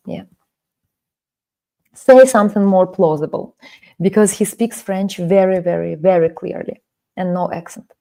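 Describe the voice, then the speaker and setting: A woman's voice: mid-range voice, normal speed, warm tone. A woman in her forties with a Russian accent, teaching a live-streamed Russian lesson and switching between languages. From Russia (Kaliningrad region). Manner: switches between languages, reads chat aloud.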